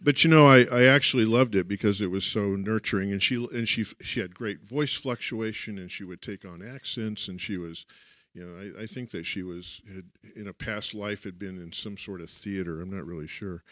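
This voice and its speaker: A man's voice: lowish voice, normal speed, fairly bright tone, dry recording, studio quality. A man minister giving a conversational sermon, telling stories with restarts and asides. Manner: rambling, self-correcting storyteller.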